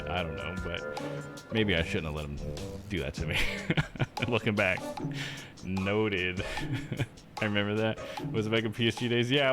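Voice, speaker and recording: A young man chats casually while streaming a game, easygoing and quick to poke fun at himself. His voice sits slightly low. Game music runs clearly underneath. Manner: laid-back, self-deprecating, laughs often. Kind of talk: casual live-stream chat.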